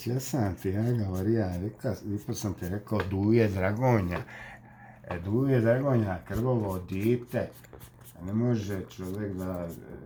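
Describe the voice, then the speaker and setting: A man puts on an exasperated Dalmatian man, low-voiced and insistent, who stretches out his words as he repeats himself. A faint hum sits behind him. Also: dark tone, close to an everyday voice.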